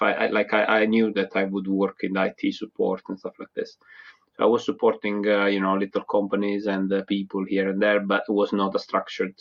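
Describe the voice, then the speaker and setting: A man in his thirties from near Naples with an Italian accent, chatting casually as an interview guest, hesitant with many fillers and restarts. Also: fairly low pitch. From Italy, small town near Naples. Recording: dull lo-fi sound.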